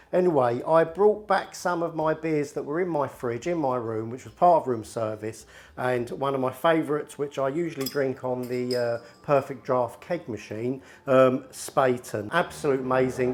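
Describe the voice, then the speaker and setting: A man's voice: mid-range voice, darkish tone, a little hiss or hum. A man hosting a home cooking video, chatting casually and joking to the camera. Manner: chatty, jokey, talks to camera in asides. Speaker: cooking channel host. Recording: music playing underneath.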